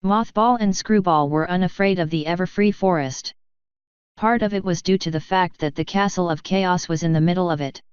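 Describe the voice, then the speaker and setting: Clear-voiced woman narrating a story. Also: fairly low pitch, moderate pace, no room sound. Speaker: fanfiction reader. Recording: dry, slightly muffled recording.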